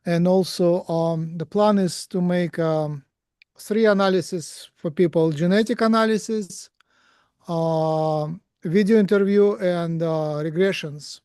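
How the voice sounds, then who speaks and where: A man hosting an online webinar over a video call, speaking haltingly with many uhs. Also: high-pitched, darkish tone, clean tone, no room sound. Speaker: host.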